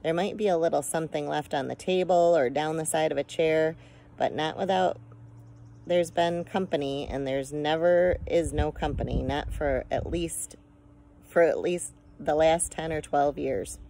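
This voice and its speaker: A woman's voice: sits low, normal speed, vocal fry, mellow, a little hiss or hum, poor audio. A woman voicing a weary, plain-spoken borrower father in a storybook reading.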